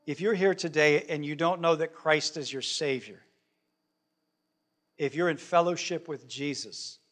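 Male pastor preaching in church, kinda high voice, earnest, drawls out the big words. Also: a bit bright. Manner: earnest, conversational preaching with slow, drawn-out emphasis. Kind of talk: sermon. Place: church sanctuary.

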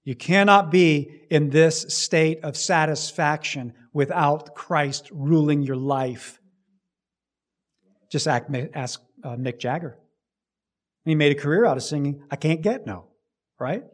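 A man preaching a sermon, emphatic, rising loud and dropping low to stress his points. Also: slow pace. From United States. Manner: emphatic preaching with big swings in loudness. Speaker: pastor.

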